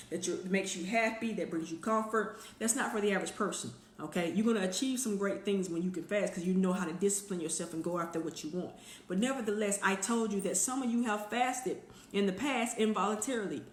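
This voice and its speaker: A woman hosts a weekly motivational live stream, addressing her viewers directly with energy and a conversational manner. Her pitch is medium, and the sound is roomy.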